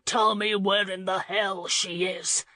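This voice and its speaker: A woman's voice: medium pitch, steady tone, slow, bright, forceful tone, no room sound. A woman voicing an intense, desperate duke who pleads and roars. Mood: impassioned. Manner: intense, pleading then roaring. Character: brooding duke, man, desperate and commanding.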